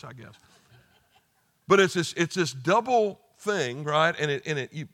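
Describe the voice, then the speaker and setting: Guy preaching a sermon, kinda high bright voice, chatty then gets loud and punchy. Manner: conversational preaching with sudden emphatic bursts. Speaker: pastor.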